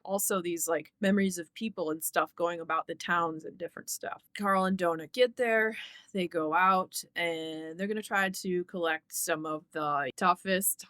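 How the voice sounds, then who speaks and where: A woman's voice: lowish voice, a bit bright, no room sound, clean studio sound. A woman talking through a fantasy book in a casual, rambling way, with lots of fillers. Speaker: book reviewer.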